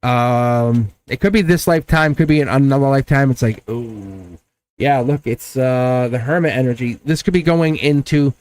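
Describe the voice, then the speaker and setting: A man hosting a members-only tarot livestream in casual chat, animated and laughing often as he talks to his viewers. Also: mid-range voice, normal speed. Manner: chatty and animated, laughs often, acts out quoted exchanges. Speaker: tarot reader and channel host.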